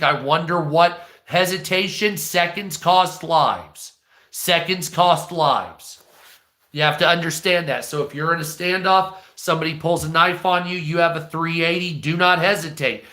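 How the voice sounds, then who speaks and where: A man with a hoarse, strained voice, talking bluntly and profanely in a rambling vlog monologue. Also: fairly high pitch, pushed and bright, roomy sound. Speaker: online video creator. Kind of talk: casual ranting monologue.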